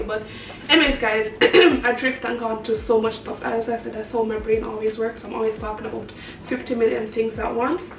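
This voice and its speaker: A chatty woman with a high voice talks casually to her viewers, rambling and laughing often. She sits a little back from the mic in a roomy, echoey space, with faint noise behind her. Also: a bit bright. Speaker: vlogger and mother. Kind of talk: casual chat to camera. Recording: echoey, from a distance.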